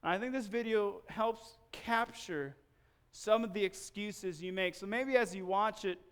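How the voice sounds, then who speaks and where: Male pastor, animated storyteller, resonant, high-pitched. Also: a little slow, clear, resonant tone. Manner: animated storyteller acting out scenes. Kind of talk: sermon with personal storytelling. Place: church.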